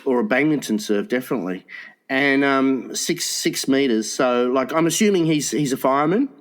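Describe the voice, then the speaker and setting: A man co-hosting a crude comedy podcast, rambling and giggling, often jumping into high mocking voices. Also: expressive, moderate pace. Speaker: podcast co-host.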